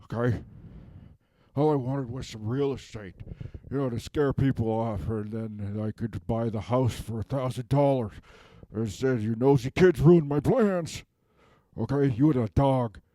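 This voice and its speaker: A man's voice: mid-range voice, measured pace, dark tone, no echo, lightly acted. A man playing a whiny unmasked villain. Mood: whiny, aggrieved. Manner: whiny, rambling, keeps tagging "okay?". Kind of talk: comedic self-tape monologue.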